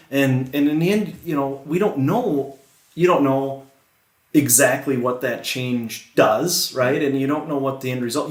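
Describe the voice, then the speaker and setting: Reflective man co-host, echoey room. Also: mid-range voice. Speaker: podcast co-host. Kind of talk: casual faith-based chat.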